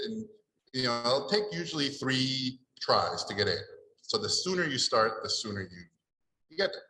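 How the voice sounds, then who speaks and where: Middle-aged guy from mexico telling stories at a panel, bright voice, echoey room, bit of noise. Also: medium pitch, normal speed. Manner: animated, acts out the people in his stories. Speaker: panelist at an art event. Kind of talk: storytelling at a panel Q&A.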